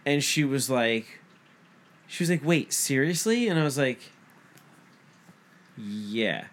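A man's voice: mid-range voice, slow. A man in his thirties, a podcast co-host, telling a story in casual chat, swearing often and acting out both sides of the dialogue. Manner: profane, animated retelling with quoted dialogue.

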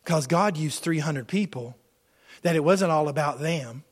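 Here a middle-aged male pastor gives an animated sermon, voicing characters and moving between loud and soft passages. His slightly rough voice is a little high, and his pace is measured.

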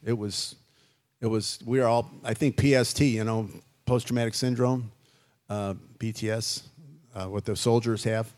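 Man in his 60s, from chicago, lowish voice, rambling, reflective storyteller, interview guest. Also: fairly even intonation, normal speed, a little mellow. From Chicago, USA. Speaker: guest musician.

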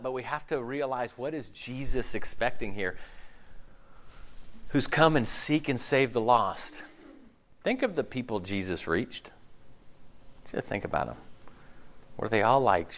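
A male pastor giving an animated, conversational sermon, peppered with rhetorical questions and mocking asides. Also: mid-range voice.

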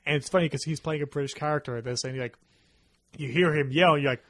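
A young man hosts a casual movie chat, rambling and animated as he acts out scenes. His voice sits a little high and sounds close and dry, with no room around it. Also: fast, no echo. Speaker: host.

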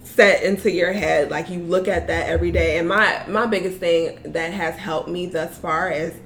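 A young woman, a small business owner, chatting casually as an interview guest, animated and laughing often. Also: on the low side, normal speed.

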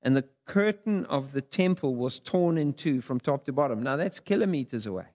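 A man's voice: mid-range voice, animated, moderate pace, darkish tone. A man preaching a sermon, reading scripture dramatically with big rises and drops in his voice. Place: church sanctuary. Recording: long hall reverb.

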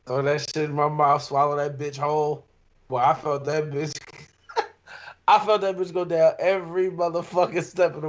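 A young man telling a long, animated story in casual chat with friends. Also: fairly high pitch. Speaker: podcast co-host. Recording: dull lo-fi sound.

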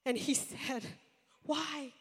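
A fairly high-voiced woman preaching a sermon, retelling a Bible story in a storytelling way that builds to loud, passionate preaching. Her voice rings through a church sanctuary with a long echo. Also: fairly even intonation, slow pace.

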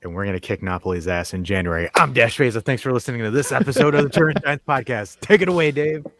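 A man's voice: medium pitch, quick pace, fairly bright tone, no room sound. A man co-hosting a casual podcast, joking and rambling with fillers like "you know" and "man". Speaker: podcast co-host.

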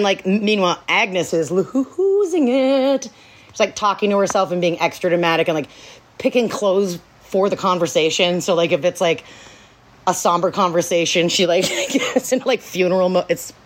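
A woman's voice: on the low side, animated, moderate pace, slight background noise. A young woman co-hosting a casual podcast, recapping a book with sarcasm, laughter and plenty of swearing. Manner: laughing, sarcastic, swears a lot, acts out characters. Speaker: podcast co-host.

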